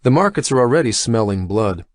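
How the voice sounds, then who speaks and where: A man's voice: mid-range voice, lively intonation, fairly quick, no echo, studio quality, lightly acted. A man reading an audiobook, voicing a cocky male banker who speaks in a smug, theatrical way.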